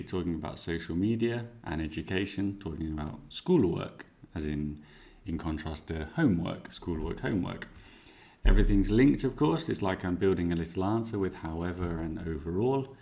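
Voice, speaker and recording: A man teaching exam speaking skills, explaining clearly and giving worked example answers. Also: sits low, darkish tone.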